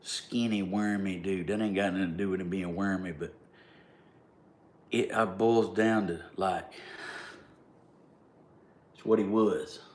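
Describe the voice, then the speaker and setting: Southern man, vlogger, low-voiced and blunt, talks plain and gets worked up. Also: fairly even intonation, measured pace, pauses often, darkish tone. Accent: Southern US (Georgia). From Southern United States. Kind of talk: casual storytelling.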